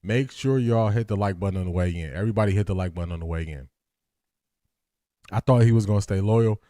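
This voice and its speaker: A man with a low, morning-rough voice hosts a relaxed live sports stream, chatting straight to his viewers. He circles back and repeats his points for emphasis. The sound is dry and close. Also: fast, no room sound. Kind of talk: casual live-stream chat.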